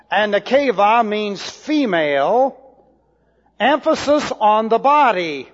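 A man teaching a sermon, slow and deliberate, spelling out Hebrew words letter by letter. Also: high voice, animated. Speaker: Bible teacher. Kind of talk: expository sermon. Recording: dull lo-fi hall recording.

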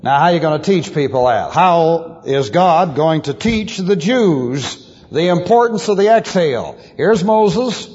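A man teaching the Bible as a pastor, emphatic, asking rhetorical questions and swinging his pitch widely. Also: expressive, measured pace, darkish tone, slightly rough. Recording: lo-fi reverberant hall recording.

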